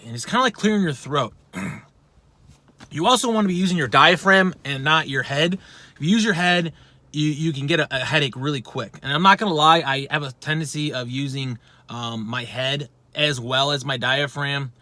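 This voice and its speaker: A man's voice: fairly high pitch, normal speed, sharp tone, no echo. A man giving a casual vocal lesson, talking bluntly with plenty of swearing and poking fun at himself. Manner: blunt, profane, self-deprecating. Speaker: vocal instructor.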